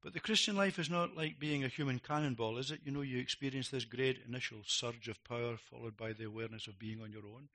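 A middle-aged man preaching a sermon, emphatic, swinging between loud declarations and quiet reflective lines. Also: medium pitch, fast talker, hardly any pauses.

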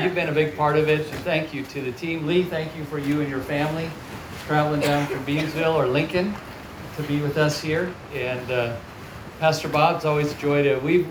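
A man's voice: fairly high pitch, a little hiss or hum. Man preaching in an echoey hall. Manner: warm storytelling, animated in acted quotes. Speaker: guest preacher. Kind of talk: sermon. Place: large hall or church, audience present. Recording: echoey hall, picked up from far off.

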